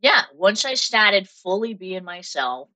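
A woman in her twenties with a Massachusetts accent, telling stories as an interview guest in an animated way with frequent laughter. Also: mid-range voice, takes it slowly, low-quality recording. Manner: animated storytelling, laughs often. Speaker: guest makeup artist. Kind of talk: casual interview chat.

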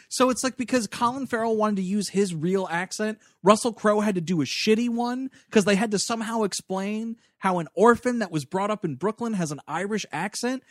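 A man co-hosting a casual movie podcast, sarcastic and animated, acting out scenes as he talks. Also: high-pitched, brisk, few pauses, no room sound, clean studio sound. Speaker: podcast co-host.

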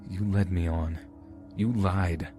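A man voicing a volatile twenty-year-old who yells through sobs and makes demands. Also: low-pitched, steady tone, takes it slowly, music in the background. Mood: accusing. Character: volatile young man of twenty, tearful and furious.

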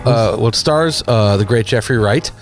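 A man's voice: mid-range voice, normal speed, soft background music. A man co-hosting a car radio show, talking casually in a rambling way with many fillers. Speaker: co-host, car journalist.

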